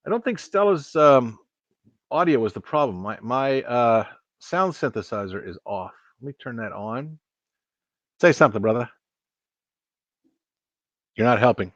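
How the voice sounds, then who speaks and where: A man's voice: mid-range voice, expressive, unhurried, pauses often, fairly bright tone, dry recording, highs cut off. A man hosting a casual live stream, talking and joking straight to his viewers. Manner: chatty, joking, talks to viewers directly.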